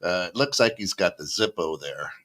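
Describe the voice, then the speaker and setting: A man's voice: low voice, lively intonation, a little fast, fairly bright tone, slight background noise. A man co-hosting a casual internet radio talk show, joking and reading listener comments aloud. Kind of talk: casual chat.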